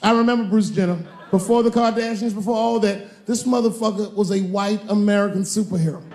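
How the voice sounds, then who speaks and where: A man in his forties doing stand-up comedy on a stage, animated, shouting punchlines and acting out voices. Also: high-pitched, fairly quick, roomy sound. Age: 40s. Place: comedy stage before a live audience.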